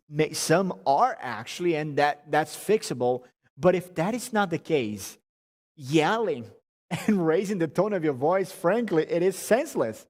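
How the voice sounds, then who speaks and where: Male seminar speaker, high voice, animated and joking, reverberant hall sound. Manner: animated, humorous, repeats words while restarting. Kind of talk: conversational teaching talk.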